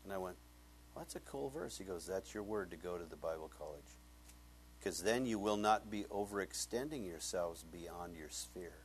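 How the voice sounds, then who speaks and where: A man preaching as a pastor, telling a personal story with lively acted-out dialogue that swings up high when he gets excited. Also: moderate pace, slight background noise. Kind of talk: sermon with storytelling.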